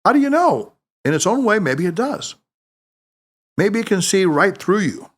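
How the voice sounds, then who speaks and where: Guy doing a teasing older mentor, emphatic, lively up-and-down voice. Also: normal speed. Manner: emphatic, teasing, booming laughter. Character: wise playful older male mentor Tanaka.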